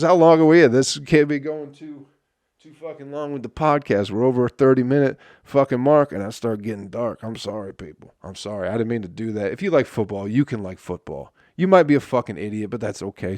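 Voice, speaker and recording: A man's voice: medium pitch, moderate pace, no echo. Profane, exasperated man ranting on a podcast. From Flint, Michigan. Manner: profane, exasperated ranting with sudden loud outbursts. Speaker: comedian podcast host. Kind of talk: solo comedic podcast rant.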